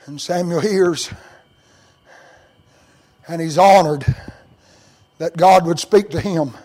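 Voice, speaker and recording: A man preaching a sermon as a story, rising to cries and dropping to hushed tones. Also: a little high, takes it slowly, rough recording. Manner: dramatic, swings between loud cries and hushed near-whispers.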